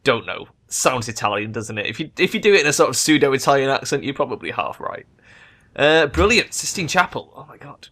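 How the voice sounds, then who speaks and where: A young man giving loose, excitable gameplay commentary, thinking aloud and swearing freely. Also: medium pitch, fast talker, few pauses. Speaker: let's play gamer.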